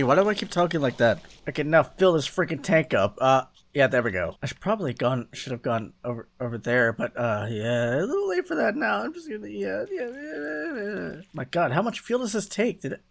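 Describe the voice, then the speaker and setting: Excitable man doing game commentary. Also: on the high side, creaky. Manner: excitable, swears, talks to himself. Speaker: gaming YouTuber. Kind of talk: let's play commentary.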